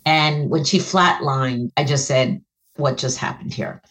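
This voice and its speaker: A middle-aged woman, a guest and author, earnestly telling an emotional personal story, her voice jumping high when she relives moments. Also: a little slow, fairly bright tone.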